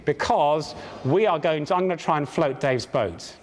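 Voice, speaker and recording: A man's voice: a little high, animated, moderate pace. A man presenting a live science show on stage, with jokey, theatrical patter and mock pomposity. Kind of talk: comic live science demonstration. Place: live stage show at a large public event.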